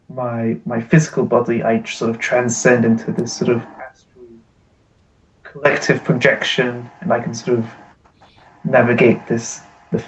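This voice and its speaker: A man's voice: mid-range voice, a little hiss or hum, rough recording. A man playing a tabletop game, joking and hesitant, with lots of fillers. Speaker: player. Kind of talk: casual tabletop role-play.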